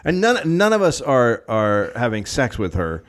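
Wry, deadpan man joking. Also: mid-range voice, measured pace. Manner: wry, deadpan jokes, profane. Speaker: podcast co-host. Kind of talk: casual comedic chat.

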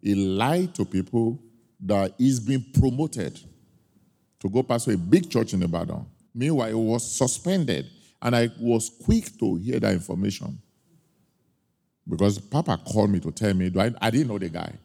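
A pastor preaches with a low, gravelly voice, leaning hard on his key points and slowing down to drive them home. His tone is dark and mellow. The sound rings with the long reverb of a church sanctuary. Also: animated. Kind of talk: sermon with personal storytelling.

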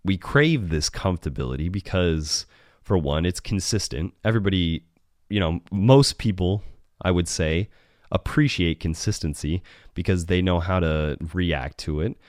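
A man's voice: sits low, moderate pace, darkish tone, no room sound, clean studio sound. A man hosting a solo podcast, talking in a rambling, profane way and often correcting himself. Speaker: podcast host.

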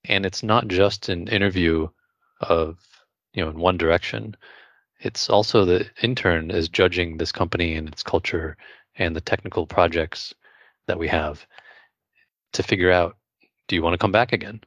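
A man's voice: low-pitched, normal speed, long pauses, a bit bright, no echo, muffled recording. A man hosting a podcast, asking friendly and reflective questions about the internship. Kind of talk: casual podcast chat.

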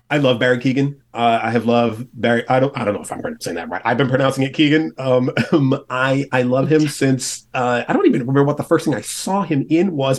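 A man talking as a podcast guest in a casual roundtable chat, enthusiastic and laughing often as he talks. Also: mid-range voice.

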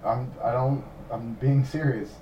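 A man's voice: mid-range voice, fairly even intonation, measured pace, highs cut off. Sarcastic young man on a podcast. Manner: joking, sarcastic co-host. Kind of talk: casual podcast chat. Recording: roomy, distant mic, faint noise.

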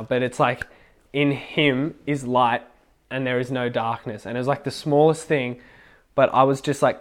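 Young man, casual testimony, chatty and rambling, mid-pitched voice, laughs while talking. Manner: rambling, many "like" fillers, laughs while telling. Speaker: speaker sharing a faith testimony. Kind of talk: personal testimony, casual storytelling.

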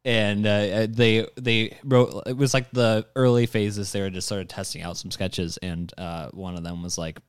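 A man's voice: on the low side, fairly even intonation, normal speed, few pauses, clean tone, no room sound, studio quality. A man co-hosting a podcast in casual chat, telling rambling, self-deprecating stories full of fillers. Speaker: podcast co-host.

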